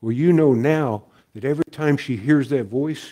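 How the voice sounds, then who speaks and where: Older guy preaching, gentle storyteller, says things twice, mellow tone. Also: mid-range voice, moderate pace. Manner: folksy, gentle, repeats key phrases. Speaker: guest speaker and minister. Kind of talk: sermon storytelling.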